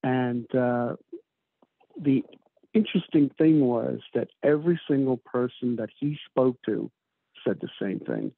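A man's voice: medium pitch, lively intonation, a little slow, vocal fry, no echo. A man, the author of a book, telling stories in an interview in a loose, rambling way with many fillers. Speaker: author, guest. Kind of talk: conversational interview storytelling. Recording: tinny phone-like remote call.

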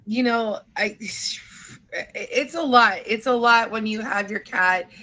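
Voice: mid-range voice, takes it slowly, pushed and bright. A host asking friendly follow-up questions in a casual interview.

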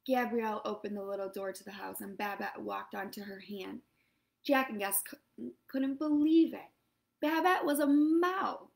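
A woman reading a storybook aloud to children, lively and expressive. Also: mid-range voice, moderate pace, creaky, poor audio.

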